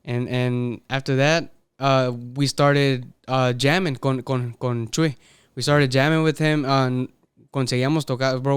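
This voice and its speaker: A man, a musician guest, talking haltingly in a casual interview and mixing Spanish into his English. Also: mid-range voice, fairly even intonation, clear, resonant tone, no echo.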